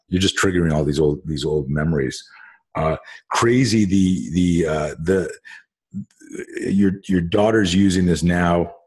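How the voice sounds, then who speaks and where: A middle-aged man with a low, breathy-edged voice hosts a casual conversation. He tells rambling stories packed with fillers and restarts, swearing casually along the way.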